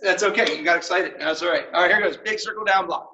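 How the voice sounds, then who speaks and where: A man teaching a martial arts class, calling out commands with energetic shouts and laughter. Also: sits high, quick pace, a little hiss or hum. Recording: echoey room, mic far off.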